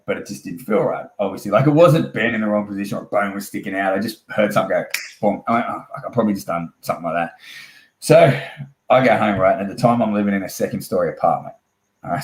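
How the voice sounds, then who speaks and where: A man's voice: lowish voice, roomy sound. A young Australian man, a wrestler guest, telling a rambling, swearing anecdote and acting out the dialogue. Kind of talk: casual storytelling interview.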